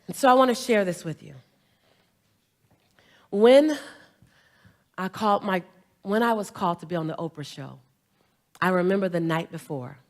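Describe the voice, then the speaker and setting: A woman's voice: fairly low pitch, normal speed, pauses often. A middle-aged woman giving a motivational stage speech, telling stories with humor and drawing the crowd in with call-and-response prompts. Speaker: motivational speaker. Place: stage before a large audience.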